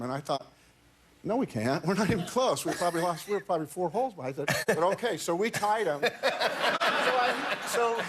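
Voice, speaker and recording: Talk show guest, male, voice a touch high, chatty anecdote, stops and restarts often. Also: slight background noise. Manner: halting, restarts and repeats words. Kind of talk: telling an anecdote in casual chat.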